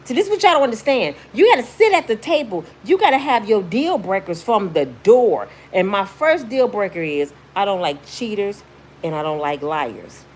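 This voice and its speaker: A woman's voice: mid-range voice, normal speed, slight background noise. A woman vlogger telling a story in casual, emphatic commentary, slangy and blunt, acting out what people said. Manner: emphatic, animated, slangy, acts out quotes in shrieks.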